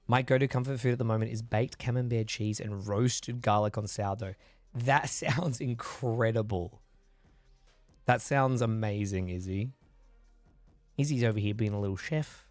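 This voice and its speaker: With a voice on the low side and no echo, a livestream host rambles through casual chat with his viewers, reading and answering messages. He's recovering from a chest infection and coughs every so often.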